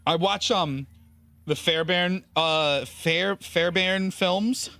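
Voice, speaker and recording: A man's voice: high voice, takes it slowly, pushed and bright, smooth, no echo. A man streaming a video game, chatting casually and rambling with viewers in a self-deprecating way. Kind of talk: casual gaming stream chat.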